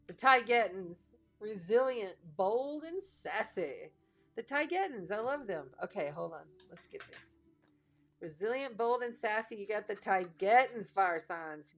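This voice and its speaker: A woman's voice: medium pitch, lively intonation, a little slow, soft background music. A woman with a Texas twang, giving a casual, encouraging card reading with playful asides to her viewers. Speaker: astrologer and card reader.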